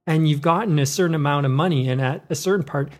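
A man's voice: fairly high pitch, quick pace. A man chatting casually on a podcast, rambling from one thought to the next.

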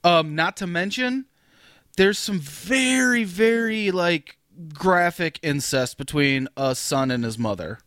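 A man co-hosting a casual podcast chat, animated and swearing freely as he tells a story. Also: high voice, slow, no room sound. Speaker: podcast co-host.

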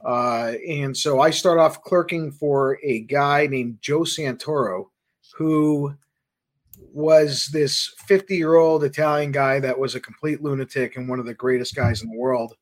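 A man, the founder of a trading firm, recounting his career in a casual, animated storytelling way as a podcast guest. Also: medium pitch. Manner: animated anecdotes, quick asides.

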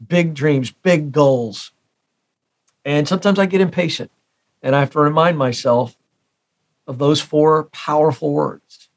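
As an interview guest, a career expert from the United States in his forties tells stories with emphasis, fond of repeating his key phrases. His creaky voice sits a bit higher than most men's.

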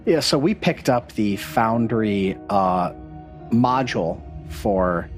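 A man narrating a tabletop game as game master, in a relaxed, descriptive way with frequent filler sounds. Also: fairly low pitch, slow pace, soft background music.

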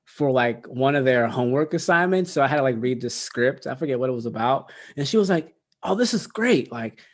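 A man's voice: mid-range voice, fast talker. A man co-hosting a podcast, chatting casually and telling stories with frequent laughter. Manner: storytelling, laughs often, acts out quotes. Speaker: podcast co-host and coach. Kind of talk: casual chat.

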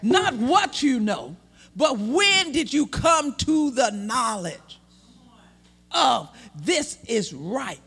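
A man preaching a sermon, shouting and stretching out words for emphasis and acting out the people in his story. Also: extremely high pitch, sing-song, creaky, breathy edge. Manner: shouting, drawn-out emphatic preaching with acted-out voices.

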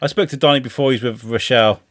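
A man's voice: mid-range voice, steady tone, fast, a bit bright, no room sound, studio quality. A man, chatting loosely on a podcast, swearing and laughing as he rambles. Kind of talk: casual podcast chat.

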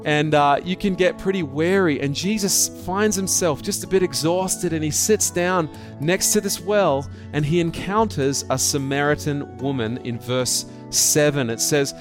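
Pastor, slightly high voice. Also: male voice, measured pace, few pauses, music in the background. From Australia. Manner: conversational, anecdotal, asks rhetorical questions. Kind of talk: sermon.

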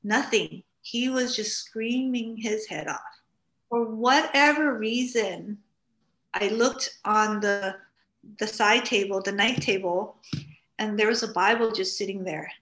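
A woman's voice: mid-range voice, slow. Chatty woman from Hawaii, roomy echo. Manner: animated, acts out quoted speech. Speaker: guest. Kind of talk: casual storytelling.

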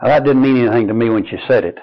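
An older man preaching a sermon and telling personal stories, slow and earnest, dropping soft and low on key lines. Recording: dull lo-fi recording.

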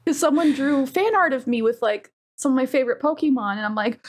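A young adult woman co-hosting a podcast in casual chat, animated and giggly with sudden squeals. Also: sits high, fairly quick. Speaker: podcast co-host and streamer.

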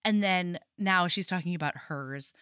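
A woman's voice: lowish voice, unhurried, smooth, no room sound, studio quality. A woman co-hosting a podcast, casually recapping a novel and acting out the characters' lines. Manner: animated, acts out characters' lines with laughs. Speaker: podcast co-host. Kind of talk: casual book recap chat.

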